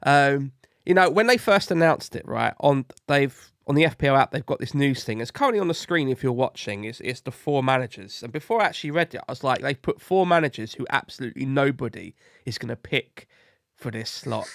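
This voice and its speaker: A man's voice: medium pitch, animated, fairly quick, creaky, a bit bright, no room sound, clean studio sound. A man hosting a podcast, explaining a point and then handing over to his co-hosts. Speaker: podcast host. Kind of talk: casual chat.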